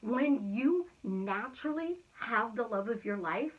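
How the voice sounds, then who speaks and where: A woman giving an energetic, emphatic motivational talk in a chatty way. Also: on the high side, measured pace, husky. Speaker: motivational speaker. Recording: tinny phone-like sound.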